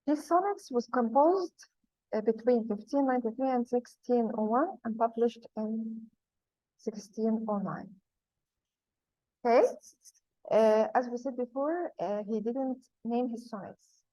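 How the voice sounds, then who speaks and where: A woman's voice: on the high side, a little slow, dark tone, no room sound. A woman teaching a poetry lesson, patiently explaining terms and repeating key points. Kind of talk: classroom lesson. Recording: dull lo-fi sound.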